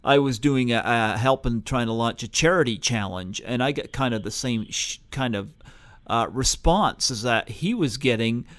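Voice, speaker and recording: A man's voice: mid-range voice, normal speed, a bit bright, no echo. A man hosting an interview show who talks casually and hesitantly, with frequent "uh"s and restarts. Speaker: podcast host.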